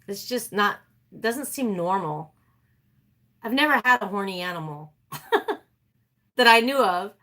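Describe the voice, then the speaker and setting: A woman's voice: mid-range voice, lively intonation, unhurried, pauses often, pushed and bright. A woman chatting casually and animatedly with her livestream viewers, laughing often. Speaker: livestream host.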